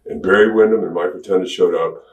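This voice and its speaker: Deep-voiced man telling laid-back stories. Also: steady tone, fast. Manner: laid-back, rambling, self-deprecating humor. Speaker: interview guest, former wrestler. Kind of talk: casual storytelling interview. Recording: echoey room, distant mic, faint hiss.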